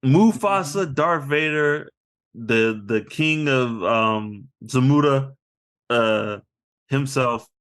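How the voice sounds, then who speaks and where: A man co-hosting a casual movie review podcast, animated and laughing often as he acts out scenes. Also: mid-range voice, slow pace, clear, resonant tone. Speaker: podcast co-host.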